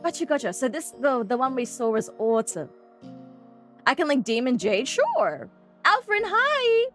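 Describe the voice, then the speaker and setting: A young Australian woman streaming, chatting casually to her viewers, giggling and gasping excitedly. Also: a little high, faint music behind. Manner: giggly, bubbly and excitable, quick gasps and squeals. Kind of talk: casual live-stream chat.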